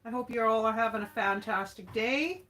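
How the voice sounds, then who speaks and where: A chatty, folksy livestream host from Alberta, Canada laughs often as she crafts on air. Her slightly high voice moves at normal speed and sounds pushed and bright.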